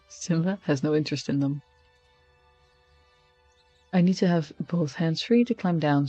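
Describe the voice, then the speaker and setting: A man's voice: on the high side, darkish tone, no echo, lo-fi sound. A man streaming, reading a text game aloud in first person with casual, wry asides. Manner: casual, wry asides between narrated lines.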